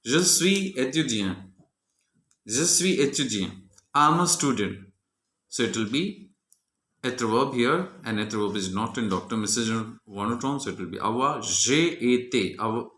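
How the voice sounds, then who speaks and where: A man's voice: mid-range voice, pushed and bright, reverberant. A man teaching a French grammar lesson, walking methodically through each exercise answer step by step.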